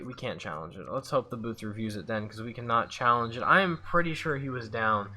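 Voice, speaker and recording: A man narrates his own football video game in casual play-by-play, like a sportscaster. His voice is bright and forceful, at an ordinary male pitch. He often breaks off to vent his frustration with sighs. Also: a little fast, hardly any pauses.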